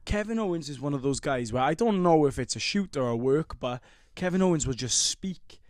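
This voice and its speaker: Young male co-host, a touch high-pitched, lively and sweary, recorded dry. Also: brisk, no echo. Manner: animated, swearing, banter-heavy. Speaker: podcast co-host. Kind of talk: casual chat.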